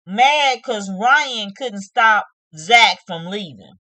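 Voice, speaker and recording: Taking it slowly, a woman with a mid-range, expressive, sharp-toned voice runs through a reality show episode, berating its participants and acting out what they said. The delivery is casual and emphatic, and there's no room sound.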